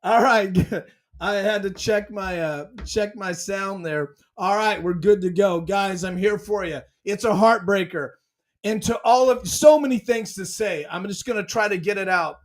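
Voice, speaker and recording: Male fan podcast host, very high voice; dramatic, excitable, repeats himself. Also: unhurried.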